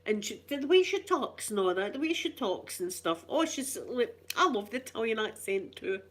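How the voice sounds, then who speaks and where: A woman's voice: fairly high pitch, sing-song, normal speed. Cheeky rambling Scottish woman. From Scotland. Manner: cheeky, rambling, self-mocking storyteller. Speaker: ASMR channel host. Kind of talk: casual chatty ASMR talk.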